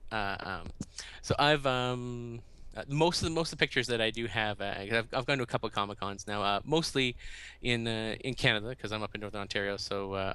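Animated man telling stories, bright voice. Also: on the low side, clean tone. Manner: animated, acts out quotes in a raised voice; halting, often restarts. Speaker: podcast guest. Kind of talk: casual storytelling in an interview.

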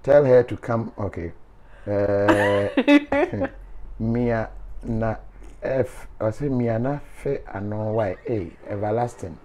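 A man's voice: lowish voice, very animated, slow pace, a little mellow. A man, a show host reading viewer comments aloud in a playful, teasing way with frequent laughter.

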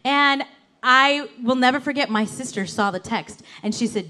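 A woman pastor giving a sermon in an animated, conversational storytelling way, full of casual fillers. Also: sits high, moderate pace. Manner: animated, conversational, lots of "like" and "you know".

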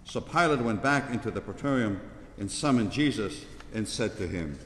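A man narrating the Passion in a steady, measured liturgical reading in a large church. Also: on the low side, slight background noise. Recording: echoey church with long reverb.

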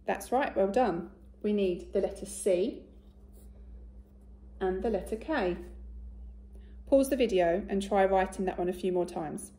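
A woman teacher giving a recorded phonics lesson to young children, speaking slowly and clearly and praising often. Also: medium pitch, warm tone. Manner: slow, clear and encouraging, with much praise. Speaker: primary school teacher.

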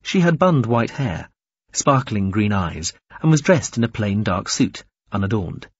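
A man narrating an audiobook in an expressive, varied reading. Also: fairly low pitch, a little slow, breathy edge, no room sound, dull audio. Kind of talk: scripted narration.

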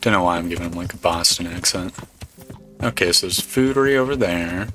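A man giving relaxed let's play commentary, swearing casually as he plays. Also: sits low, brisk, soft background music. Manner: laid-back, swears casually. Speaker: gamer.

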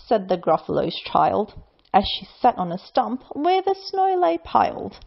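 A woman reading a rhyming children's bedtime story aloud in a slow, lilting, expressive way. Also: fairly high pitch, vocal fry, muffled recording.

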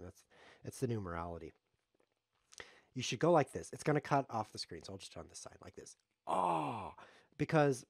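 A man's voice: lowish voice, darkish tone, slightly rough, no room sound, clean studio sound. A man streaming live chess, commenting on his games in a sarcastic, joking way as he plays. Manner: sarcastic, joking, talks to himself while playing.

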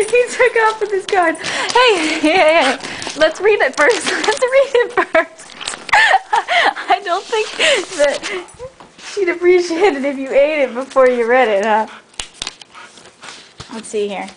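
A woman's voice: high voice, noisy background. A woman filming at home, talking to her dog in a cooing, baby-talk manner. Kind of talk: home video chat.

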